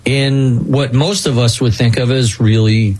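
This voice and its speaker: A man hosting a radio interview show, measured and thoughtful. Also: mid-range voice, fairly even intonation, darkish tone, slight background noise, low-quality recording. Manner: measured, thoughtful, wraps up with thanks. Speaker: host.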